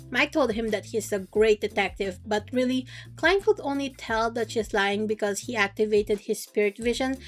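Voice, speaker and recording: A woman casually recapping a novel's chapters in a playful, slangy, joking way. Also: a little high. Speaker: book recap youtuber. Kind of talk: casual chatty story recap.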